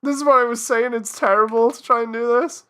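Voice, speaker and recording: A woman's voice: on the high side, fairly even intonation, quick pace, a bit bright. A woman streamer in casual live-stream commentary, talking herself through a task and laughing at her own mistakes.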